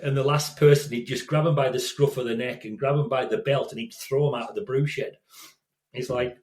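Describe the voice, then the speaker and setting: A man's voice: medium pitch, steady tone, brisk, a little mellow. A man in his sixties, a safety consultant, telling stories as an interview guest in a rambling way, restarting and repeating words. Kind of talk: storytelling in casual interview. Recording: echoey room.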